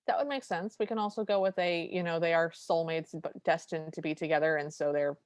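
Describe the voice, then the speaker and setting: A woman with a deep, steady voice speaks briskly as a podcast co-host, chatting casually and enthusiastically while recapping a film scene by scene. She acts out quotes as she retells each scene, and the recording is dry.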